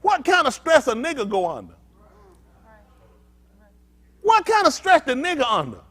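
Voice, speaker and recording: Man, pastor, blunt sermon teaching, call-and-response, high voice, very animated pitch. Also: normal speed. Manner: emphatic, swinging between loud outbursts and low muttered asides; blunt, street-talking preacher.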